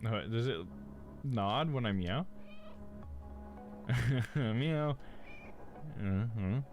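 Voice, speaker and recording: A man's voice: mid-range voice, lively intonation, drawn-out words, a little mellow, soft background music. A man live streaming a game, chatting casually with viewers, often swearing and laughing.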